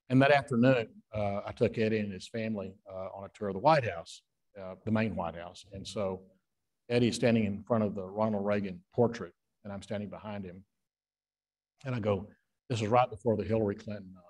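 A man, a guest author, telling rambling stage anecdotes with frequent filler pauses. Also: lowish voice, a little mellow.

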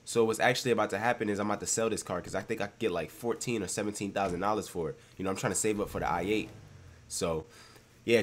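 A young man with a fairly low, cold-congested voice streams his gameplay with excited, slangy commentary and sudden loud outbursts. A little hiss or hum sits in the audio.

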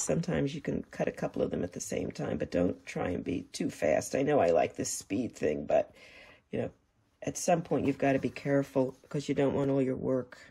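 The woman's low, mellow voice carries vocal fry and a breathy edge. She's a quilting teacher giving a casual sewing tutorial, chatting with viewers as she works.

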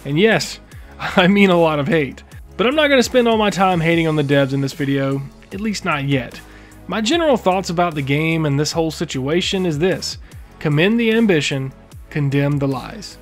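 A man's voice: a little high, lively intonation, moderate pace, faint music behind. A man giving emphatic, opinionated gaming commentary as a YouTuber, indignant and sarcastic at times.

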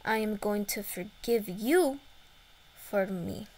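A woman's voice: mid-range voice, slow, darkish tone, rough recording. A woman speaking in a put-on Russian accent, delivering a blunt, cursing vlog rant.

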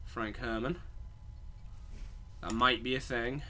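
A man's voice: mid-range voice, steady tone, slow, pushed and bright. A man doing rambling, sweary, sarcastic let's-play commentary. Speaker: game streamer.

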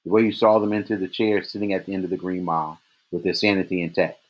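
A man reading a novel aloud in steady first-person narration. His voice is very low and husky, with a breathy edge that stays the same from line to line. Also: fast talker. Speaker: reader.

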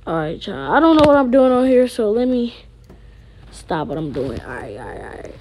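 A woman's voice: mid-range voice, big pitch swings, moderate pace, darkish tone. A woman talking casually to viewers while playing a life-sim game, rambling in slang. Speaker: gaming vlogger. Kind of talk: casual game commentary with role-play.

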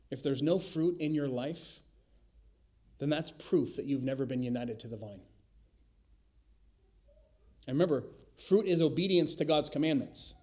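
Emphatic man preaching a sermon. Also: on the high side. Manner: emphatic, slows and drops to a hush for key words. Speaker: pastor. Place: church sanctuary.

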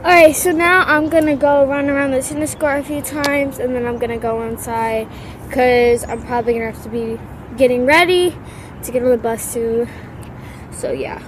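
A teenage girl talks to her camera outdoors, rambling casually from one thought to the next. Her voice sits high, and there is faint noise in the background. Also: moderate pace. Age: teens. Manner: chatty, rambling. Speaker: vlogger. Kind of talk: casual vlog. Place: outdoors by a tennis court.

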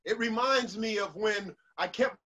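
A man's voice: sits high, unhurried, pushed and bright. A man giving a motivational speech to an online audience, preacherly, repeating lines for emphasis and leading call-and-response. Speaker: motivational speaker.

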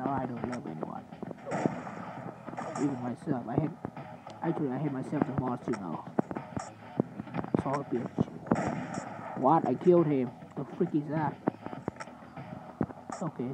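A man giving sleepy, swear-filled gaming commentary, trash-talking opponents and mocking himself, with loud game noise underneath. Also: mid-range voice. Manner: sleepy, swearing trash talk with self-mockery. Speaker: gamer. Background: loud game sounds.

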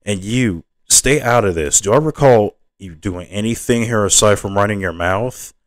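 A man reading as a feisty, sharp-tongued young woman. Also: low voice, a little fast, no room sound, lightly acted. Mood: indignant.

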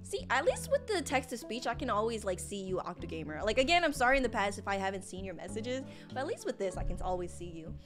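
A woman's voice: mid-range voice, big pitch swings, quick pace, few pauses. A young woman streaming a game, rambling and panicking aloud as she plays. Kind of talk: casual gameplay livestream. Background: game music.

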